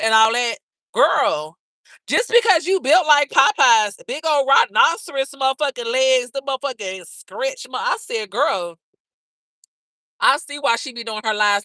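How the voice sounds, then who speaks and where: A woman's voice: a little high, moderate pace, pushed and bright, dry recording. A woman hosting a live stream, chatting casually with viewers in a brash, profane, gossipy way and calling them girl, baby and honey.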